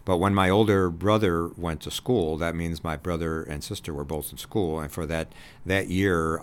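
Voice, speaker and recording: A man's voice: rumbling low, a little hiss or hum. A man, a bishop, recalling his childhood in an interview in an earnest, reminiscing way. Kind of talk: reflective interview.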